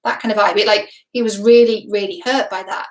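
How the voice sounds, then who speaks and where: A young British woman, a relationship expert, talks fairly quickly in a medium-pitched, steady voice for a casual reaction vlog. She's chatty and emphatic, laughing often and swearing casually, and the recording has a roomy echo.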